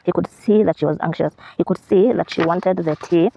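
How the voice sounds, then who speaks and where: A woman vlogger reading a novel aloud, steady with small slips and restarts. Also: lowish voice, moderate pace, vocal fry, highs cut off, slight background noise.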